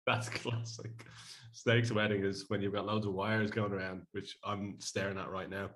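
A man's voice: fairly low pitch, little pitch movement, normal speed, a bit bright. A man co-hosting a podcast in casual, joking chat, laughing often. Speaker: podcast co-host. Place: Bondi home.

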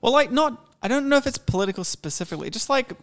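A man rants with animated energy, his high voice swooping up and down. His sentences spill out padded with "like" as he builds his gripes. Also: fast talker. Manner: ranting, animated, full of "like". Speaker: podcast co-host. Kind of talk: casual group chat.

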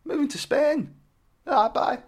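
A shrill, whiny grumbler. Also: male voice, normal speed. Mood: fed up. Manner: whiny, exasperated complaining. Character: shrill fed-up grumbler, sick of rain and prices.

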